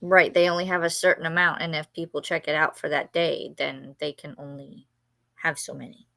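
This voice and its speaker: A woman co-hosting a livestream, speaking casually with short replies and relaxed explanations. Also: deep voice, normal speed, gravelly, no echo. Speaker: livestream co-host. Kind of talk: casual chat.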